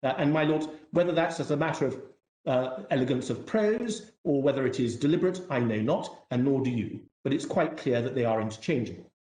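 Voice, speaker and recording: Male barrister, mellow voice, measured courtroom submission, echoey room. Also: mid-range voice, lively intonation. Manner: formal, measured, self-deprecating, courteous.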